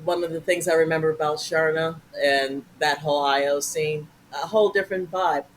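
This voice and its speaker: A woman guest telling stories in a casual interview, animated and profane, acting out voices. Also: low-pitched, brisk, a little hiss or hum, low-quality recording.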